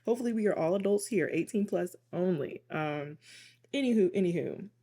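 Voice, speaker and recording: Hoarse, chatty woman tarot reader. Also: fairly low pitch, expressive, brisk, mellow. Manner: chatty, tags lines with "okay?". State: hoarse from losing her voice. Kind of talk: casual spiritual reading.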